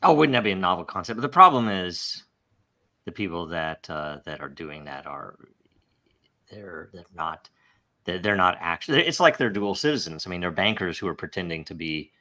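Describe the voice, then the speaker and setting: A podcast host with a low-sitting, expressive voice reads listener questions at a moderate pace, his tone bright and forceful. It's a casual discussion, and his opinions come out emphatic and rambling, with frequent laughter.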